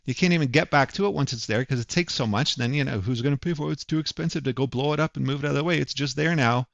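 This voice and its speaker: A man's voice: mid-range voice, rapid-fire, gravelly, no echo, muffled recording. A man ranting angrily in a profane, mocking monologue. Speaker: commentator. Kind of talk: angry monologue.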